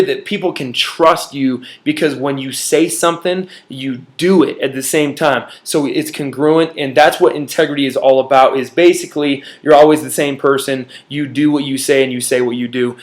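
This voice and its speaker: A man's voice: medium pitch, fairly even intonation, moderate pace, hardly any pauses. A young man giving an earnest, emphatic motivational business lesson, speaking straight to his viewers. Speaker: business trainer. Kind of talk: motivational teaching talk.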